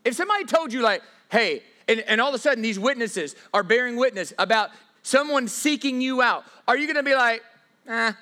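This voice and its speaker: A man preaching a sermon as pastor, emphatic, swinging from loud bursts to hushed lines and repeating himself on restarts. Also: extremely high pitch, expressive, fast, hardly any pauses.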